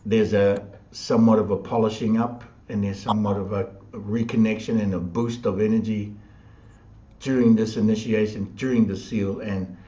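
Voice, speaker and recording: A man hosting a live online chat, upbeat and quick to laugh. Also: lowish voice, fairly even intonation, warm tone, roomy sound, lo-fi sound. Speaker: host.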